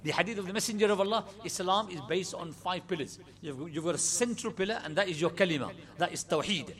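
Emphatic preacher. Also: male voice, high-pitched, fast talker, fairly bright tone. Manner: earnest, emphatic, recites Arabic and quotes Urdu. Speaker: Islamic preacher. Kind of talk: sermon.

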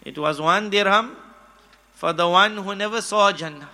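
Male preacher, high voice, very bright tone; chatty storyteller who acts out dialogue. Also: moderate pace. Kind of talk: storytelling sermon.

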